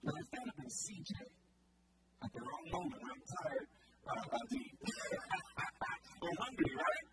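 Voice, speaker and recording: A man's voice: very high-pitched, slow. A male preacher giving a conversational sermon and asking the congregation questions. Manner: animated, conversational, asks the crowd questions. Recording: distant mic, loud background noise.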